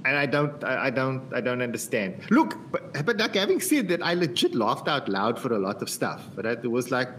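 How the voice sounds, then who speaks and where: A man's voice: mid-range voice, normal speed, hardly any pauses, slight background noise. A man co-hosting a casual movie podcast, retelling scenes with lots of laughter and fillers. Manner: chatty, laughs often, animated retelling. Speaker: podcast co-host. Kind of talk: casual movie review chat.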